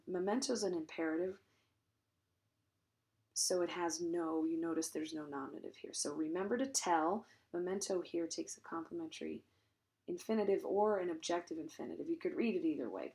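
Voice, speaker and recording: Woman walking through a Latin passage. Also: lowish voice. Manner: explanatory, thinks aloud with frequent ums and self-corrections. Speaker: Latin teacher. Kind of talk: recorded translation lesson.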